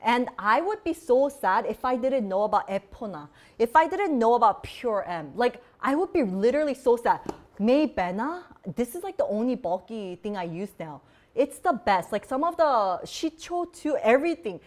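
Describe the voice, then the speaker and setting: Sing-song and fairly high-pitched at a normal speed, this woman hosts a beauty vlog. She demos products live in a bubbly, casual chat loaded with "like."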